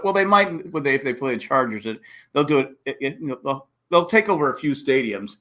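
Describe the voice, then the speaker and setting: A man hosting a casual sports podcast, talking fast and acting out coaches' and fans' reactions. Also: medium pitch. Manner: animated, acts out coaches and fans with exclamations. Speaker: podcast host.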